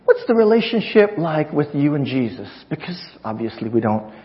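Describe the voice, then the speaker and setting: A man's voice: a little high, big pitch swings, moderate pace. A pastor preaching a sermon, friendly and chuckling, acting out voices in his stories. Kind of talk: sermon with humorous story. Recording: dull recording in a reverberant church hall.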